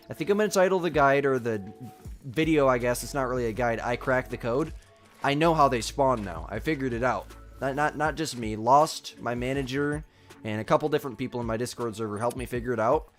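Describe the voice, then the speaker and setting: A young man chatting casually on a live gaming stream, reading chat and talking through a nagging cough. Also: medium pitch. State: sick with a cough.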